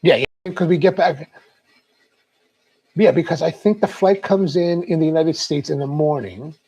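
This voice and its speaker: Gravelly-voiced middle-aged male host. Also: on the high side, moderate pace, mellow. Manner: chatty, rambling storyteller. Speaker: livestream host. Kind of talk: casual livestream chat.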